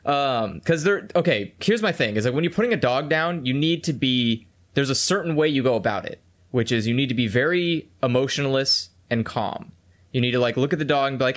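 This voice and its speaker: A man's voice: fairly high pitch, animated, moderate pace. A young man co-hosting a podcast, telling stories in a blunt, profane way and acting out what people said. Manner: blunt, profane storytelling with acted-out quotes. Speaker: podcast co-host. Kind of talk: casual podcast chat.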